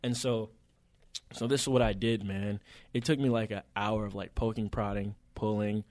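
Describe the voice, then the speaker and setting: Man, podcast co-host, casual chat, slangy and animated, dry close sound. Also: lowish voice, moderate pace, dry recording. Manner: animated storytelling, heavy swearing and slang.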